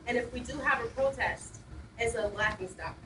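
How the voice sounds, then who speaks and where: A woman in her twenties, a high school teacher, speaking earnestly and with emotion from the audience. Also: normal speed. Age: 20s. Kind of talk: audience comment at panel. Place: community bookstore room. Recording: echoey room, distant mic, noticeable noise.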